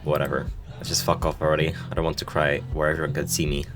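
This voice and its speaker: Game read-along: a man voicing a prickly, self-doubting young woman. Deep, low voice. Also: completely flat delivery, fast, over music. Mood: defensive. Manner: guarded, defensive, self-doubting.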